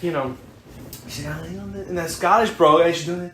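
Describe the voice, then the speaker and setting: In a fairly high, steady voice at a brisk pace, an American man co-hosting a podcast rambles through a long story, restarting often and using fillers. The casual chat has crowd noise, plus an echoey room and faint hiss.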